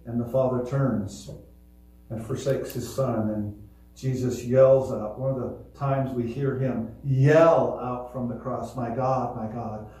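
A man preaching a sermon as pastor, earnest and swelling louder on key points. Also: medium pitch, steady tone, slow. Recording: echoey hall, voice from far off.

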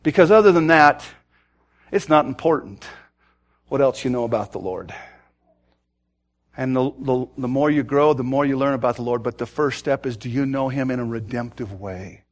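A man preaching a sermon, telling a quiet personal story and then rising into loud, urgent exhortation, often repeating words as he starts a thought. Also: medium pitch, normal speed. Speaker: pastor.

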